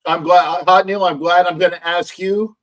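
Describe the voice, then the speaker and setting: A man hosting a casual sports livestream, loud, gloating and profane, repeating himself often. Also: high voice, fairly even intonation, normal speed. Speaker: livestream host.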